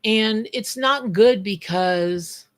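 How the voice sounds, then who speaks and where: A woman hosts a live tarot stream in an easy, drawn-out pace. She is blunt and plain-spoken, mixing card readings with chatty asides to viewers. Her voice sits in a middle register. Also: mid-range voice. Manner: blunt, straight-talking, greets viewers by name. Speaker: tarot reader and psychic.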